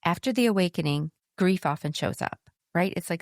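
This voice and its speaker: Candid low-voiced woman podcaster. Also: lively intonation, fairly quick, no room sound, studio quality. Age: middle-aged. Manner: candid, conversational, swears casually. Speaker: podcast host. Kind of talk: solo podcast talk on spiritual growth.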